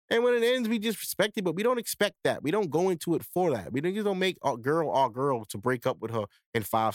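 A man's voice: on the high side, no echo, clean studio sound. A young man hosting a podcast, telling a candid personal story in profane street slang. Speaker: podcast host. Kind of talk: casual storytelling monologue.

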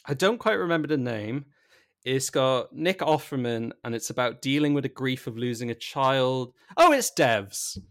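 A man's voice: mid-range voice, moderate pace, a bit bright. A man co-hosting a podcast in casual chat, joking and restarting his sentences. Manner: chatty, jokey, self-interrupting. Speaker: podcast co-host.

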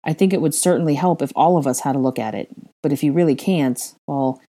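A woman reading a young adult male wizard with a coaxing, gently insistent manner. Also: low voice, fairly quick. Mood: earnest.

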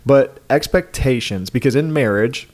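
A middle-aged man talks in a New York accent at a medium pitch. He co-hosts a podcast and tells stories in a loose, joking way, with animated asides. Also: moderate pace. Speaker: podcast co-host. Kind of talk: casual chat.

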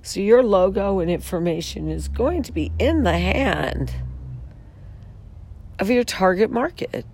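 A woman with a raspy, hoarse voice making an earnest, pleading pitch for her venture to donors and companies. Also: animated, a little slow, pauses often, a little mellow. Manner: pleading, heartfelt, frustrated. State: hoarse from talking all weekend. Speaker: founder pitching her water advertising venture. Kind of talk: earnest direct-to-camera pitch.

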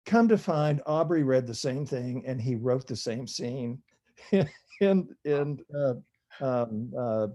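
An older man, an author, telling stories from his career in a relaxed, rambling interview manner with many fillers. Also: mid-range voice, slow pace, muffled recording. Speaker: author guest. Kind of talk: conversational interview storytelling.

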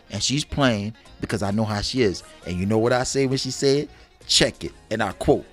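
A man's voice: mid-range voice, fairly quick, faint music behind. A man co-hosting a casual relationship talk podcast, bragging playfully and acting out little quotes. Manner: animated, bragging, acts out quotes. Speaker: podcast co-host.

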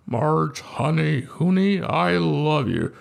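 A man doing a mashup impression of a cartoon dad voiced like a gruff older actor, crooning slowly. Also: a little high, animated, heavily acted.

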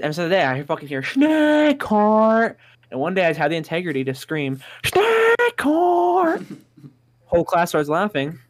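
A man telling school prank stories in a casual chat, swearing constantly and getting excited as he goes. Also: fairly high pitch. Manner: profane, rowdy, excitable anecdotes.

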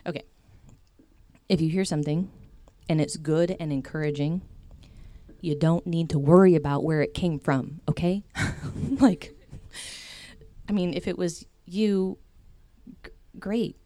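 A low, warm-toned young woman speaks to a group about faith in a loose, chatty way, full of fillers and side tangents. The sound is dry and close, with no room echo. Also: a little slow. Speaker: speaker giving a faith talk. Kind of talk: casual faith talk to a group.

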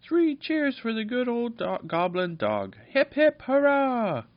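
A man voicing a crowd of little fairy folk shouting drawn-out cheers in a raised voice, on a dull lo-fi recording. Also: sits high, huge pitch swings, voice pushed up, full character voice. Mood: cheering.

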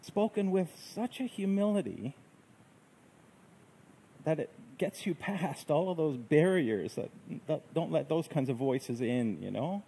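A man preaching a sermon in a gentle, reflective way, with unhurried phrasing. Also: a little high, animated, vocal fry, breathy edge, poor audio. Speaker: pastor.

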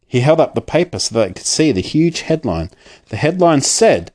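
Man, storybook narration, lively intonation, expressive reading. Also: mid-range voice, moderate pace.

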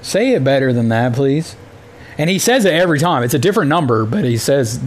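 A man's voice: mid-range voice, lively intonation, moderate pace. Rambling, exasperated American male podcaster. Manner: rambling, exasperated storytelling with filler words. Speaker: podcast host. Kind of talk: casual solo podcast monologue.

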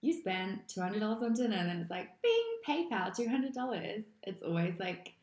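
A woman co-hosting a casual podcast chat, talking fast with lots of "like" and frequent laughs. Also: mid-range voice, animated, a little mellow. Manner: chatty, laughs often, lots of "like". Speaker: podcast co-host. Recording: echoey room.

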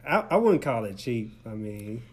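A man from Arkansas co-hosting a podcast in casual chat, talking in a laid-back, measured way that often trails off. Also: mid-range voice, very animated, slightly rough. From Forest City, Arkansas. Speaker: podcast co-host. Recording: faint background noise.

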